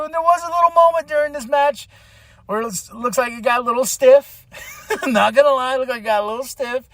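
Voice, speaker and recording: A man hosting a podcast, chatting casually and excitedly, acting out other people's lines in quick voices between plenty of fillers. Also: very high-pitched. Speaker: podcast host recapping wrestling. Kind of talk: casual chat.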